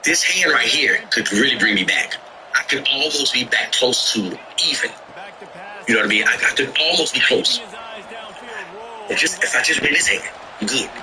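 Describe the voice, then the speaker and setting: A man telling a comedic story in an interview, animated and profane, acting out the voices of other people. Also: medium pitch, normal speed, pauses often, low-quality recording. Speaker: interview guest.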